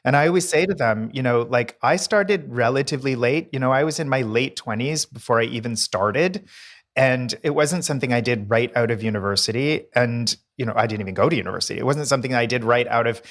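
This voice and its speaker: A man's voice: mid-range voice, fairly quick, fairly bright tone. A middle-aged man co-hosting a podcast, telling stories in a casual, talkative way. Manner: chatty raconteur, playful voice impressions. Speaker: podcast co-host, decorator. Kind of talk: casual chat.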